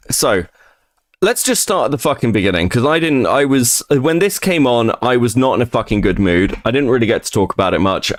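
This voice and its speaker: A man streaming live, ranting casually and profanely about online drama. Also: medium pitch.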